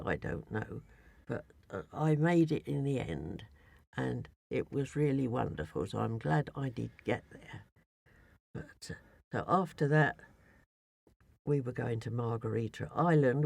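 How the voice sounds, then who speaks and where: A woman's voice: extremely low pitch, gravelly, darkish tone, no room sound. A woman in a casual chat, recounting her travels in a rambling way with many restarts.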